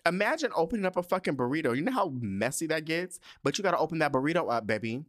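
A man hosting a podcast, telling a profane, animated story in a casual, sassy rant full of asides. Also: on the high side, fast talker. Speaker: podcast host.

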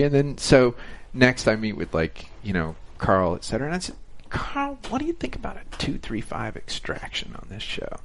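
Animated man telling a set story. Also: on the low side, fairly quick, creaky. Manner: animated storyteller, acts out quotes, laughs often. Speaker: TV director. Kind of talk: casual anecdote on a panel.

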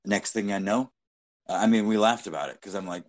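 A man's voice: on the low side, brisk. A man co-hosting a podcast, telling casual anecdotes in a blunt, profanity-heavy way. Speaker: podcast co-host. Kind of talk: casual storytelling chat.

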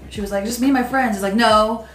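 A woman telling a story in an animated, laughing way during a casual chat. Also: fairly high pitch, fast talker, a little hiss or hum. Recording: roomy echo with music.

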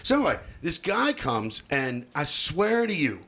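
A male podcast guest spins a comic story with lots of energy. His fairly high voice swings widely in pitch as he laughs often and slips into the voices of the people he is quoting. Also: unhurried. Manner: animated, laughing often, acts out quoted voices.

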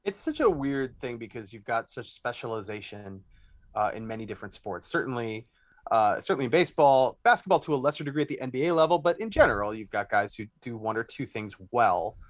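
A man's voice: mid-range voice, a little fast, no room sound. A man hosting a casual sports podcast, reading out listener questions and joking with his co-hosts. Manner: animated, reads out listener questions, laughs often. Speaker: podcast host.

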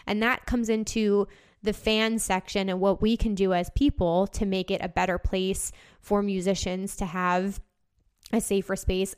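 A woman hosts a casual talk show, speaking passionately in a monologue, swearing freely and peppering her speech with "like." Her voice is medium-pitched and clean, with a flat delivery at normal speed.

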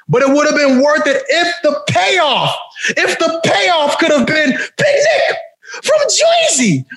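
A man hosting a podcast, teasing his guest in animated, emphatic casual chat. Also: very high voice, roomy sound. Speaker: podcast host.

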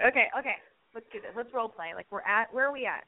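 A woman's voice: on the high side, animated, quick pace. A young woman hosting a call-in show, talking in a rambling, blunt and joking way with frequent swearing. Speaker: radio call-in host. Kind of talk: casual call-in chat. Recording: thin phone-like sound.

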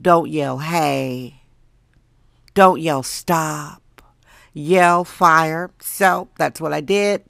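Woman podcast host from Wisconsin, hoarse from a lost voice, slow and self-mocking, recorded dry at home. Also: deep voice, no echo. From Wisconsin, USA. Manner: chatty, jokey, laughs at herself. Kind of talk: casual solo monologue.

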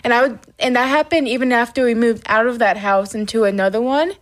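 Young woman, slightly high voice, plain matter-of-fact storyteller. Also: fast. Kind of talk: casual chat, telling a childhood story.

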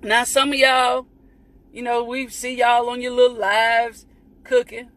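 Woman, high bright voice, teasing livestream host who slips into hymn snippets, faint music behind. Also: level tone, measured pace, no echo, poor audio. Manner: playful, teasing, breaks into song snippets. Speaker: livestream host greeting church viewers. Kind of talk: casual chat.

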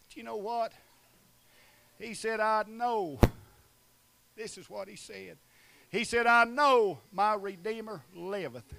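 High, gravelly shouting preacher man. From Eastern Oklahoma. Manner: chanting shouted preaching, short laughs between lines. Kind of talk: sermon.

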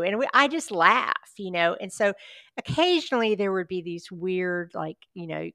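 A woman guest, a paranormal investigator, chatting in a relaxed interview and telling personal stories with easy laughs. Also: mid-range voice, moderate pace, dry recording, studio quality. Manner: chatty, anecdotal storyteller who laughs along. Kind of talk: casual storytelling interview.

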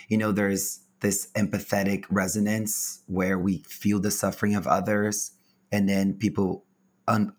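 A man's voice: fairly low pitch, husky. Earnest, gushing man hosting a podcast. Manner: effusive, earnest, halting with restarts. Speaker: podcast host. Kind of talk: warm spiritual podcast chat.

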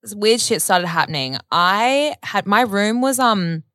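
A woman's voice: mid-range voice, lively intonation, measured pace, fairly bright tone, no echo, clean studio sound. A woman, telling a long story in casual chat, rambling with lots of "like" and casual swearing.

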